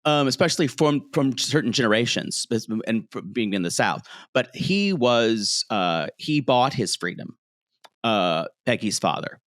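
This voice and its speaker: A man's voice: medium pitch, measured pace, dry recording, clean studio sound. A man co-hosting a podcast, recapping a show in casual chat and acting out lines with laughs. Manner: animated storyteller, acts out quotes, laughs often. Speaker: podcast co-host. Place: home, street noise outside.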